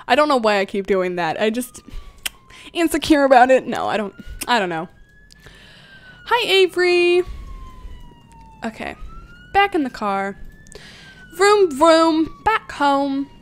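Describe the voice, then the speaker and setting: A bubbly young woman livestreaming a game, with a fairly high, light voice. She giggles often and chats away casually, answering viewers as she plays. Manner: giggly, bubbly, chatty, reads chat aloud; usually talks fast. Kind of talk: casual livestream chat while gaming.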